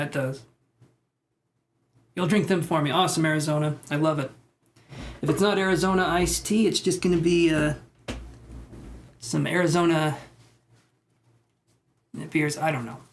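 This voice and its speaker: A man's voice: fairly high pitch, fairly even intonation, normal speed, pauses often, slight background noise. A man reading tarot on a live stream, chatting casually and rambling as he reacts to viewer comments.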